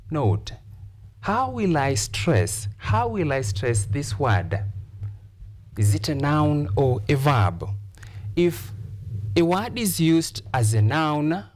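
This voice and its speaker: A man teaching a lesson on TV. He speaks slowly and deliberately, and his pitch rises and falls widely to stress words. He repeats examples and fills pauses with "uh". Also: a little mellow, slight background noise. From Kenya. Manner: deliberate explaining with repeated examples and frequent "uh" fillers. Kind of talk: televised classroom lesson.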